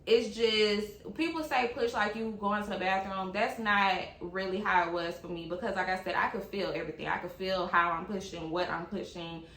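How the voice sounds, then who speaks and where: A woman's voice: mid-range voice, sharp tone, reverberant, rough recording. A young woman telling her own story in a candid, chatty way, talking straight to her viewers. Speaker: vlogger sharing her birth story. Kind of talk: casual personal storytelling to camera.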